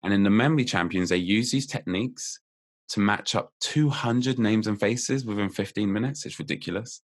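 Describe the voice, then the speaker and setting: A man guesting on a podcast as a memory coach explains memory techniques in casual conversation. His voice sits on the low side at a moderate pace, and he's lively and playful, laughing often.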